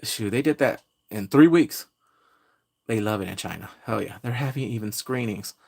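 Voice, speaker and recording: A man's voice: on the low side, lively intonation, normal speed, vocal fry, darkish tone. A man hosting a pop culture vlog, ranting casually and trash-talking in a brash, jokey way. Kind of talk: casual rant to camera.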